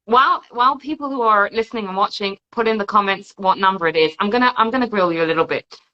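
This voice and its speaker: A woman podcast host interviewing her guest, lively and often restarting her words. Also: medium pitch, fast, dull audio. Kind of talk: casual video-call interview.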